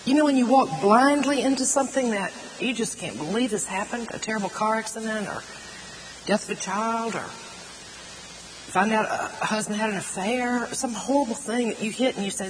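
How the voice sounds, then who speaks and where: A middle-aged woman preaching a sermon, earnest and animated, stretching out words for emphasis. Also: on the high side, moderate pace. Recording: long hall reverb, faint noise.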